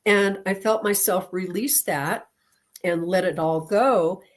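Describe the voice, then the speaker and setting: Woman guest, lower-pitched, animated storyteller with frequent laughs. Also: takes it slowly. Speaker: guest teacher and lecturer. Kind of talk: storytelling in an interview.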